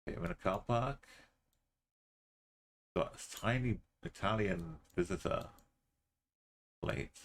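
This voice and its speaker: A man's voice: sits low, takes it slowly, long pauses, a little hiss or hum. A man streaming a geography game, muttering and thinking aloud in casual commentary, sometimes humming to himself.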